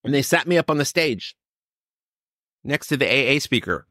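A man from California, older, telling his recovery story in a lively, storytelling way, acting out what others said. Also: medium pitch, moderate pace, no echo, studio quality. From Sacramento, California. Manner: storytelling, animated, quoting others. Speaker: recovery speaker.

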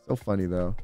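A man's voice: low-pitched, dark tone. A young man streaming, telling a rambling, slangy story in casual chat. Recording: faint music behind.

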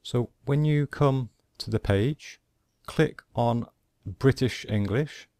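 A man teaching a pronunciation lesson over a screen recording, explaining slowly and step by step. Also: mid-range voice, darkish tone, dry recording, studio quality. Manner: slow, deliberate, explaining step by step. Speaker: language teacher.

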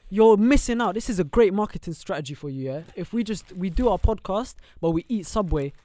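A man's voice: sits high, animated, brisk, dark tone, dry recording. A young man co-hosting a podcast in casual, joking, rambling banter. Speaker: podcast co-host. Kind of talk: casual chat.

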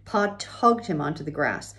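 A woman reading a children's chapter book aloud, gently pausing to show pictures. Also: deep voice, very animated. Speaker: reader.

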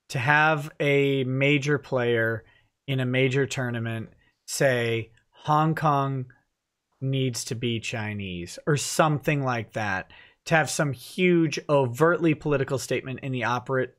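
A man hosting a casual online talk show, speaking at a middle pitch. He stretches out his words and slows right down when he wants to land a point. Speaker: host. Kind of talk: casual chat.

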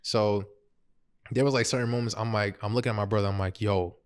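A man's voice: fairly low pitch, fast talker, clear, resonant tone. A young man, casually telling a funny personal story as a podcast host, laughing through it. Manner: laughs through his story, animated, quotes himself.

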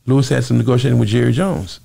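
A man telling stories from his music career in a casual interview, animated and full of asides. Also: medium pitch, fast, creaky. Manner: animated storyteller, acts out quoted voices. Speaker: interview guest, former singer.

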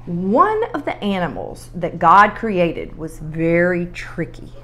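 A woman leading a children's sermon, telling a story in a playful, animated way. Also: fairly low pitch, slow pace.

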